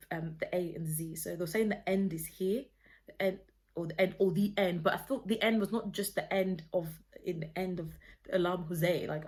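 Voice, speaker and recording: A woman sits at home recording herself on a phone, telling a faith story straight to camera. She speaks earnestly and rambles, often stopping and restarting mid-sentence. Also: fairly low pitch. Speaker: vlogger sharing a personal testimony.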